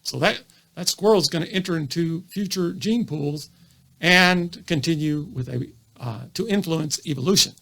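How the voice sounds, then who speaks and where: Doctor guy lecturing on youtube, high lively voice, bit gravelly. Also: normal speed. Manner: animated, full of rhetorical questions. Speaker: physician lecturing on comedy. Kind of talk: educational video monologue.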